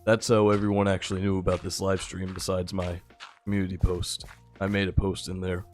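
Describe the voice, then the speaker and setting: A tired young man giving relaxed, rambling live-stream commentary while he plays, chatting with his viewers. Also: sits low, a little fast, soft background music. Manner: laid-back, rambling, chats with viewers. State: a little tired. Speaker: gaming streamer.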